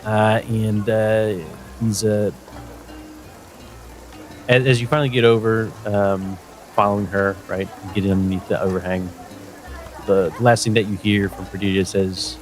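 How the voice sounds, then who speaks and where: A man narrating as game master in a tabletop game, halting with many restarts. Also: on the low side, flat delivery, faint music behind.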